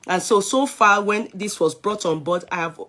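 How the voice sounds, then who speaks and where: Bright-voiced Nigerian woman chatting on a live stream. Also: mid-range voice, moderate pace. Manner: chatty, warm greetings, switches into Yoruba. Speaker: vlogger greeting live viewers. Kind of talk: casual live-stream chat.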